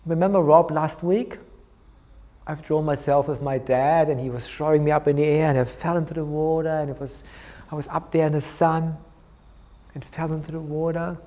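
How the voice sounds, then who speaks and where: A man lecturing on art therapy, recounting a clinical case and acting out the dialogue between therapist and child, growing soft for the tender moments. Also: on the high side, steady tone, normal speed. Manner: storytelling, softens his voice for tender moments.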